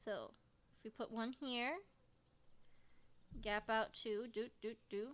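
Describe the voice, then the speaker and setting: A woman's voice: a little high, fairly even intonation, takes it slowly. A woman streaming a farming game, chatting casually and joking as she plays. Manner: chatty, reads character lines aloud, jokey. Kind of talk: casual gameplay commentary. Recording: faint music behind.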